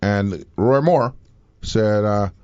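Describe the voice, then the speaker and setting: A man hosting a casual talk show, rambling and animated, often acting out quotes in mocking voices. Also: lowish voice, extremely slow, dull audio, background noise. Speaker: show host. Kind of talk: casual political chat.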